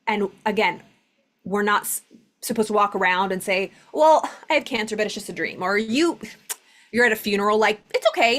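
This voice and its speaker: A woman giving a casual spiritual lesson, talking loosely with lots of fillers and reading passages aloud. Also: medium pitch. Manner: conversational, many "like" fillers, reads passages aloud. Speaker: spiritual teacher.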